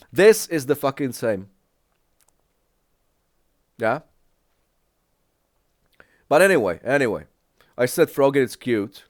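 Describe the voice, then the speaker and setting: A man with English as a second language, sick, giving halting casual reaction commentary and often asking "yeah?". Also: mid-range voice, no echo, clean studio sound. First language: not English. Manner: halting, repeats words, asks "yeah?" often. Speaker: reaction video creator.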